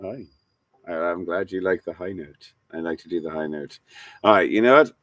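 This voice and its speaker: A man's voice: low voice, normal speed, slight background noise. A man hosting a live bar show as a singing bard, joking and bantering in a bawdy, playful way between songs. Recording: loud guitar music behind. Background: loud guitar music.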